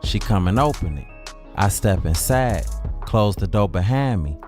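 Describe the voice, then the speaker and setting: A young man with a Chicago accent narrating a dramatic comedic story in casual slang, with drawn-out pauses. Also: on the low side, animated, a little mellow, soft background music.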